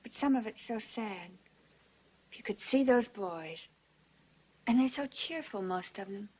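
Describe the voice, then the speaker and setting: A woman's voice: mid-range voice, lively intonation, unhurried, warm tone. An actress playing an earnest, wistful young woman, a daughter with a soldier fiancé, in 1940s studio film acting. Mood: tender. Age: young adult. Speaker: daughter, hospital volunteer. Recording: dull 1940s film soundtrack with score. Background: orchestral film score.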